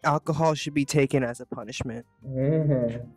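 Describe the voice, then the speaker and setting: A man's voice: mid-range voice, steady tone, moderate pace, breathy edge, soft background music. A man hosting a casual cooking chat in a home kitchen, tipsy and playfully teasing his guest. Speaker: host.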